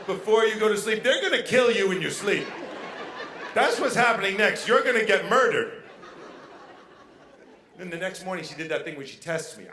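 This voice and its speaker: Bright-voiced male stand-up comic. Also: sits high. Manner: animated, swings into loud mock outrage. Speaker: stand-up comedian. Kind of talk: stand-up set. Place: live comedy venue. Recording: roomy live venue with faint noise.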